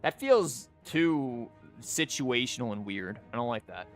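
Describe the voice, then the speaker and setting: This streamer and teacher has a medium-pitched voice with lively intonation and a measured pace. He casually thinks aloud on a live stream while theorycrafting, rambling and restarting with lots of "like," as faint music plays.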